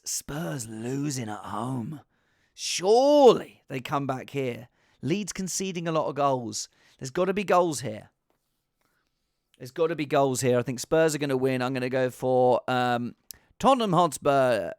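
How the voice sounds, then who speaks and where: A man hosting a fantasy football podcast on his own, predicting scores in an excitable, jokey way with sudden high exclamations. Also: no echo, clean studio sound. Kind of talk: casual solo score predictions.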